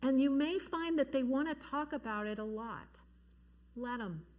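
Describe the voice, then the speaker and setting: A woman giving an earnest, gentle talk to parents about grief at a church forum, slowing down to stress key words. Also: sits high, muffled recording. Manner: gentle, earnest, slows down for emphasis. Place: church hall.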